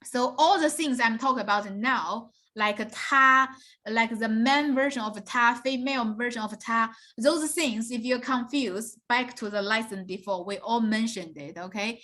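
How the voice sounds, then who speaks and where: A woman with a slightly high voice gives a beginner Mandarin lesson. She explains step by step and keeps checking that her students follow along. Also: moderate pace, bright, forceful tone. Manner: patient explaining, often checks in with "okay?" and "right?". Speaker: Mandarin teacher. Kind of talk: online beginner language lesson.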